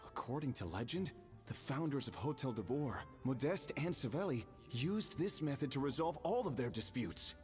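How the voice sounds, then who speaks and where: Brief: actor as an eager bystander recounting legend, animated. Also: male voice, medium pitch, normal speed, soft background music, close to an everyday voice. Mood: earnest.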